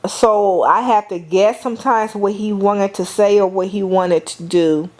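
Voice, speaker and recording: A middle-aged woman lecturing at a slow, unhurried pace. Her pitch sits at an ordinary middle level, and she speaks deliberately, calling on the class and often circling back to repeat or restart a phrase. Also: darkish tone.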